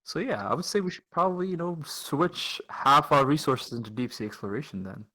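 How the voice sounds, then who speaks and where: A young man co-hosting a casual podcast over an online call, reading out listener questions in a relaxed, joking manner with plenty of slang. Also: fairly high pitch, fairly quick, poor audio. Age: young adult. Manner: laid-back, jokey, slangy. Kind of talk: casual chat.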